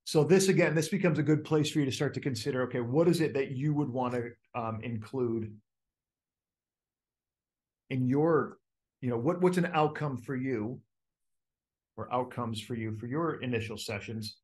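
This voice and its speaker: Speaking at a medium pitch and a moderate pace with long pauses, a man leads a group coaching call. His teaching talk is casual and animated, full of fillers and restarts, and he acts out inner voices as he goes.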